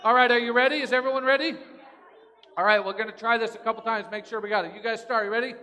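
Upbeat male pastor for a kids' sermon, bright and high, church reverb. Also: fairly even intonation, fast. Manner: jokey, upbeat, chanting call-and-response. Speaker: pastor leading a children's talk. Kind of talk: playful children's message in church. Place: large church sanctuary. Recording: long reverb of a big church.

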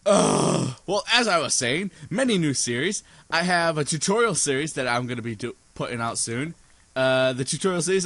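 A man's voice: mid-range voice, a bit bright, dry recording. A sleepy young man rambling through let's play commentary, goofy and scattered, with silly asides. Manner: goofy, rambling, sings snippets and silly voices. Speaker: gaming YouTuber.

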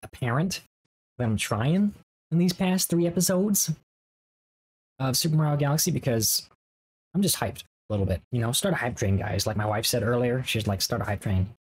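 A man's voice: mid-range voice, normal speed, husky, poor audio. A man hosting a Let's Play, giving casual, rambling and jokey commentary to his viewers while he plays.

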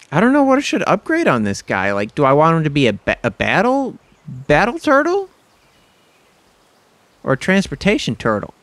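A man casually commenting on his own video game play, excitable and self-mocking, yelping when surprised. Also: on the high side, no echo. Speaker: gaming YouTuber.

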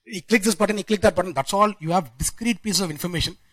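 A middle-aged man pitches an idea at a tech conference. His voice is hoarse from a sore throat, yet it stays bright and fairly high, and he speaks very fast. He often asks "right?" to check in and restarts his sentences. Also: no echo, poor audio. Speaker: startup founder giving a conference talk. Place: conference hall.

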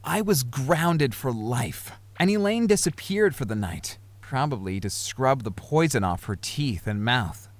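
A man narrating an animated story as a wronged teenage boy, earnest and aggrieved. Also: mid-range voice, unhurried, dry recording, lightly acted.

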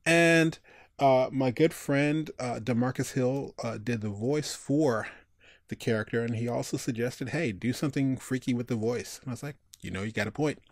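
A man hosting a casual software tutorial, talking in a relaxed, chatty way with many fillers. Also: mid-range voice, normal speed, no room sound, studio quality. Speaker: tutorial host.

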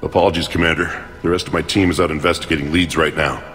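An actor playing an older male scientist who leads a research task force, explaining in an earnest, measured way. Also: very deep voice, fairly even intonation, fairly bright tone, faint music behind. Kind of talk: video game dialogue.

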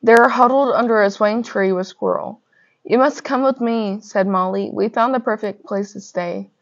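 Young woman, storybook reader, lively and gentle, muffled lo-fi sound. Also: medium pitch, moderate pace. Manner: lively storybook reading with gentle character voices. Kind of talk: reading a picture book aloud. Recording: dull lo-fi recording.

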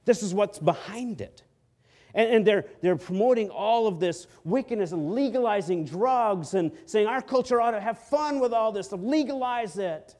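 Pastor guy preaching hard, kinda high voice, goes quiet then loud, acts out the bible bits. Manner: emphatic preaching that swings between soft and loud; acts out quotes from the story. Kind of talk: sermon.

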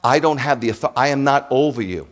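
Brief: New rabbi, lively and jokey sermon delivery, talks right at the congregation. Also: male voice, medium pitch, fast. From New York. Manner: animated, joking, addresses the congregation directly.

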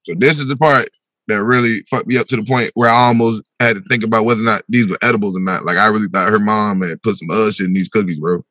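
A young man telling a wild personal story on a podcast, animated and full of slang, acting out his own voice with big swings in pitch. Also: fast talker, dry recording. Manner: slangy, repeats "bro" and "yo".

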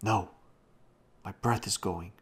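A man's voice: low voice, steady tone, slow, breathy edge, heavily acted. A man voicing a frail, dying old grandfather who wheezes out urgent warnings. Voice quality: wheezing, faint.

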